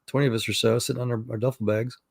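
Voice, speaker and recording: A middle-aged Texan in a chat room speaks very fast in a flat, creaky, darkish medium-pitched voice. His casual stories ramble, riddled with fillers and restarts.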